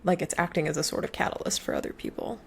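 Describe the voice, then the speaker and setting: A woman hosts a podcast interview, answering her guest in a reflective, affirming manner. Her voice sits on the lower side. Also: wildly swooping pitch, quick pace, creaky, a little hiss or hum. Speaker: podcast host.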